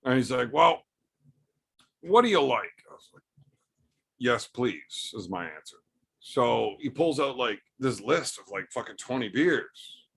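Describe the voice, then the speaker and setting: A man's voice: mid-range voice, lively intonation, unhurried, gravelly, fairly bright tone, husky. A young man, casually reading and answering live chat with blunt, profane jokes. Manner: profane, blunt, joking banter.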